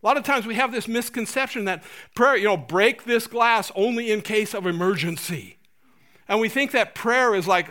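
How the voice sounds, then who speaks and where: A man preaching a sermon as pastor, animated and joking, acting out prayers in playful voices. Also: high voice, moderate pace.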